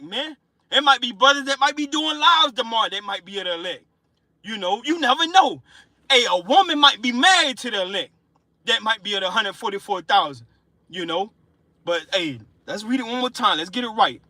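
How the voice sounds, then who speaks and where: Guy preaching all worked up, high bright voice, dry close sound, keeps repeating himself. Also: expressive, no echo. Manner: emotional, fervent, repetitive, slows down reading scripture. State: excited and sweating. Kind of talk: informal street sermon.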